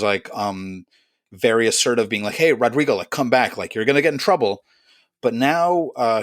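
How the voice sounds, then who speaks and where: A man's voice: medium pitch, a bit bright, no echo, studio quality. A man in his fifties, originally from Chile, a musician guest in an interview who tells his memories reflectively and in vivid detail. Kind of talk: conversational interview storytelling.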